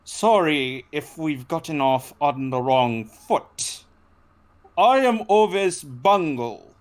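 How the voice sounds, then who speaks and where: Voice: mid-range voice, animated, takes it slowly. A game master voicing a haughty, weary male cartoon figure made of bread. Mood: stiffly polite. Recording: faint background noise.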